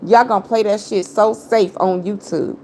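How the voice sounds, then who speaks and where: A woman's voice: mid-range voice, moderate pace, dark tone, a little hiss or hum. A woman livestreaming an angry rant at her critics, confrontational and taunting, repeating her jabs in heavy slang. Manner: heavy slang, talks straight at viewers.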